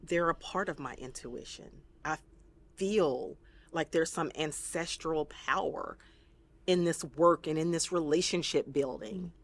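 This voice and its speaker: Earnest woman therapist, low voice. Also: unhurried. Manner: earnest, acts out quoted voices. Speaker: trauma-focused therapist, guest. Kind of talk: reflective interview talk.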